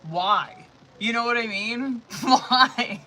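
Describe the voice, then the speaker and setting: A man's voice: very high voice, very slow, pushed and bright, a little hiss or hum. A man doing a casual, profane, chatty live tarot stream on his phone, laughing often. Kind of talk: casual livestream chat.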